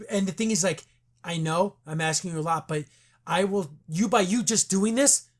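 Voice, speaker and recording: A man hosting a podcast, chatting casually and excitedly about an episode and acting out the characters' lines as he retells scenes. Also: high-pitched, moderate pace. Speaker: podcast host. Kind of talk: casual episode recap chat.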